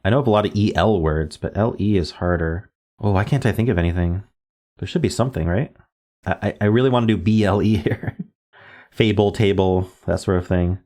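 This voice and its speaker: A man's voice: low-pitched, a little fast, warm tone. A man thinking aloud as he plays word puzzle games, spelling out letters, musing and correcting himself as he goes. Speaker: word game streamer. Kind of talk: casual thinking-aloud gameplay commentary.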